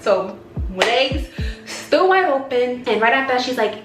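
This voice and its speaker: A woman in her twenties telling a personal story in a casual vlog, animated and acting out the voices of people she quotes. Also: a little high, normal speed. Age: 20s. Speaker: vlogger. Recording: echoey room with background music.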